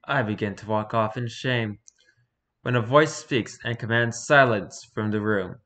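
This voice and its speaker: A man reading out posts for his channel as a streamer, with animated, exasperated commentary. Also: on the low side, unhurried. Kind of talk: casual commentary.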